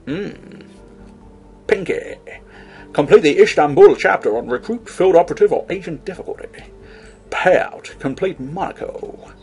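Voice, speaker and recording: Rambling, husky-voiced gaming commentator. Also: male voice, on the high side, expressive, unhurried, pauses often, faint music behind. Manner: rambling, jokey asides and sudden shouted outbursts. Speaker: let's play host. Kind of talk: video game commentary.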